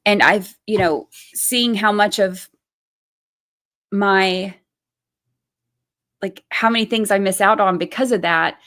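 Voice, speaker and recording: Stream host, female, 30s, middle pitch; blunt, fired-up casual commentary with cursing and chat replies. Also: slow, long pauses, fairly bright tone. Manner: blunt, swears freely, ranting; reads chat names aloud and answers them. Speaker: true crime livestream host.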